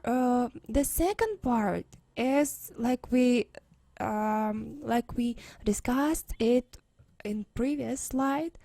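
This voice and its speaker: A woman's voice: a little high, mellow. A woman with a Russian accent teaching a language lesson over slides, patiently repeating words for practice.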